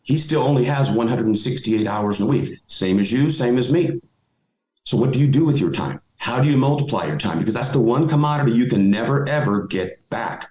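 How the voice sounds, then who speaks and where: A man's voice: medium pitch, lively intonation, fairly quick, a little mellow. A middle-aged man giving motivational advice as a podcast guest, emphatic and folksy. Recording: roomy, dull lo-fi audio.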